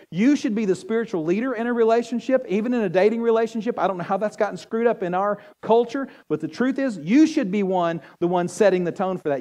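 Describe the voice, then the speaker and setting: A man preaching a sermon as pastor, animated and joking with the congregation. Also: sits high. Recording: long hall reverb.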